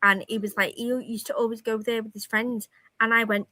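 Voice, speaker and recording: A blunt, sweary woman chatting on a live panel. She cuts in on others often, and her pitch sits a little high. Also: level tone, brisk, sharp tone, dry recording. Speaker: panel guest. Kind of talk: casual live panel chat.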